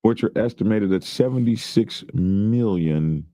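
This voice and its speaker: A man's voice: lowish voice, measured pace, dark tone, dry recording. A man casually reading news stories aloud and joking about them with his co-hosts. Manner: reads headlines aloud then riffs jokingly. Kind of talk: casual news commentary chat.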